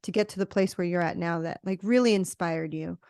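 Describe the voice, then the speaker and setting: A woman's voice: lowish voice, fairly even intonation, a little fast, creaky, a little mellow, clear, resonant tone, no echo, studio quality. A woman hosting a podcast interview, encouraging her guest with short affirmations. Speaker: podcast host. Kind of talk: casual conversational interview.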